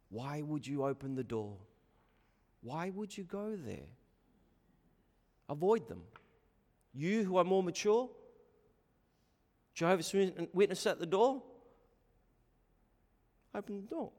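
A man's voice: fairly high pitch, darkish tone, in a large hall. A man preaching a sermon as pastor, emphatic and full of rhetorical questions.

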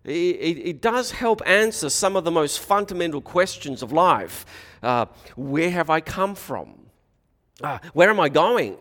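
A man's voice: a little high, animated, unhurried, a bit bright, big-room sound. A man preaching a sermon, often restarting his phrases. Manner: hesitant, frequent restarts.

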